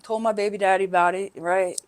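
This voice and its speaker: A middle-aged woman, a guest on a recovery podcast, telling her story candidly and haltingly, often tagging "right?" and "you know". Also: mid-range voice, fairly even intonation.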